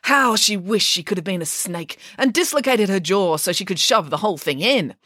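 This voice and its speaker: A woman's voice: medium pitch, lively intonation, normal speed, sharp tone, no echo, studio quality. Woman doing Nanny Piggins, a theatrical pig nanny. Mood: sympathetic. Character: sympathetic adult female nanny pig, storytelling.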